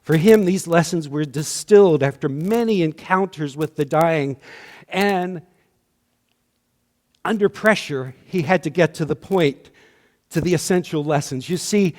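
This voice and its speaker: A man delivering a sermon as minister, slow and measured, his voice often dropping to a hush at the ends of lines. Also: on the high side, in a large hall. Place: church sanctuary.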